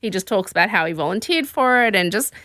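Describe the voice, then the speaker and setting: A woman hosting a casual podcast, telling a story in an animated, chatty way. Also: medium pitch, fast, no echo, studio quality. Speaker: podcast host. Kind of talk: casual chat recapping a show.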